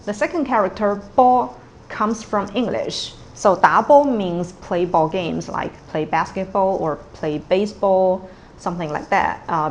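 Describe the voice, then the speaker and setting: A woman teaching tones in a patient, unhurried way, modelling each word twice. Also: fairly low pitch, slight background noise. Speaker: Cantonese teacher. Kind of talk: tone pronunciation lesson.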